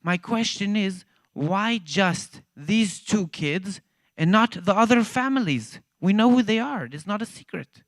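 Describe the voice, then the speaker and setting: A man's voice: fairly high pitch, sing-song, a little slow, dry recording, voice pushed up. A man putting on the voice of an angry male ambassador who lectures emphatically. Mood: indignant. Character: angry, loud middle-aged male African ambassador.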